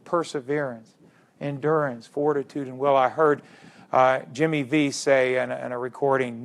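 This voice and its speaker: A man's voice: medium pitch, steady tone, normal speed. A middle-aged man giving a public history lecture, stressing key words by repeating them and putting questions to his audience.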